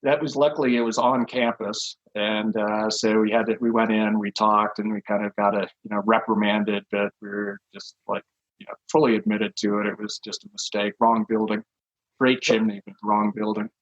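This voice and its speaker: A man's voice: lowish voice, flat delivery, normal speed. Guy in his 60s telling stories on a podcast, laughs a lot, kinda dull muffled sound. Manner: chuckles often, rambling with many fillers. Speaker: podcast guest. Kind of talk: casual anecdotal storytelling.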